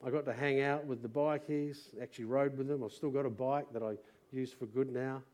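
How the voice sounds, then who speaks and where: A middle-aged Australian man preaching to a church congregation, moving from quiet personal testimony to loud rallying calls. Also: medium pitch, fairly even intonation, fairly quick. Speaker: pastor. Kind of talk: sermon testimony. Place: church service.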